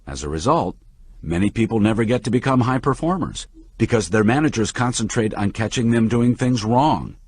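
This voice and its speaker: A man reading the part of a calm, patient manager who explains ideas to a younger man with lively emphasis. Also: fairly low pitch, moderate pace, slightly rough, no echo. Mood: patiently explaining. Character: calm middle-aged male manager, patient teacher.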